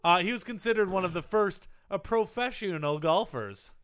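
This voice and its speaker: High, lively man joking on a podcast. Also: normal speed. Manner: reads trivia with deadpan jokes. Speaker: co-host. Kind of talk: comedic podcast banter.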